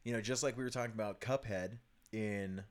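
A man in his thirties co-hosts a relaxed gaming chat. His voice sits a little low, and he laughs often and fills gaps with ums and quick restarts. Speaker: co-host of a gaming video series.

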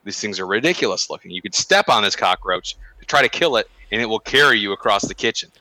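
A man co-hosting a podcast, chatting casually and telling an animated story with big exaggerations. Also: fairly low pitch, quick pace, no room sound, rough recording. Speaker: podcast co-host. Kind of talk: casual chat.

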